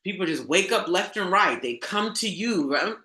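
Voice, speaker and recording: A woman's voice: fairly low pitch, lively intonation, moderate pace, sharp tone. A woman coach giving a casual motivational monologue, emphatic and preachy, swearing and calling her viewers girl. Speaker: spiritual coach. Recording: echoey room.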